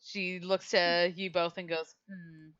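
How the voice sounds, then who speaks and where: Bright-voiced woman running a tabletop game. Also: fairly low pitch, fairly even intonation, normal speed. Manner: casual, chatty narration with fillers. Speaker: game master. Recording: dull lo-fi audio.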